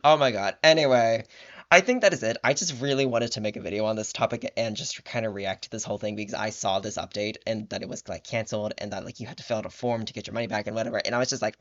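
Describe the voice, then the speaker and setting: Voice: medium pitch, fast talker, fairly bright tone, lo-fi sound. A tired vlogger in casual reaction commentary, rambling and exasperated, swearing often and restarting sentences. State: tired late at night.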